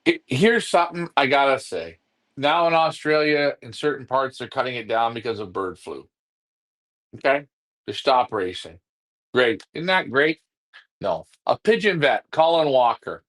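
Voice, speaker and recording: A man's voice: mid-range voice, expressive, normal speed, fairly bright tone. A man, co-hosting a live pigeon-club stream, ranting bluntly and repeating himself when fired up. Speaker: pigeon racing club co-host.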